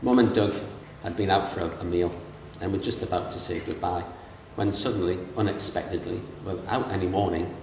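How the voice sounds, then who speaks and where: A man's voice: deep voice, brisk, hardly any pauses, a little mellow. A middle-aged man from England giving a comic wedding speech from memory, telling stories and mimicking the voices of people in them. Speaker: wedding speaker giving the best man's speech. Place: large reception room at a castle wedding. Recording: distant and echoey, with room noise.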